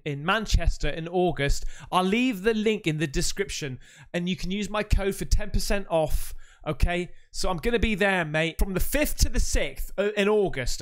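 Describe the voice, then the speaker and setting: Male vlog host, bouncy animated delivery, chatty, excitable, lots of mates. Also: high-pitched. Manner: chatty and excitable, calls viewers mate. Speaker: YouTube host. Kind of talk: casual unboxing vlog chat.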